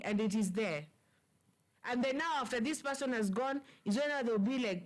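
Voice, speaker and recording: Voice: mid-range voice, expressive, normal speed. A speaker with a Kenyan accent in casual political chat, agreeing and chiming in as co-commentator.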